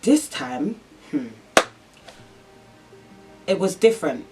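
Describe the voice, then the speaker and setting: A woman's voice: on the low side, sing-song, takes it slowly, far from the mic, over music. A young woman telling a personal story in a vlog, rambling and emotional with lots of fillers. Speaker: vlogger.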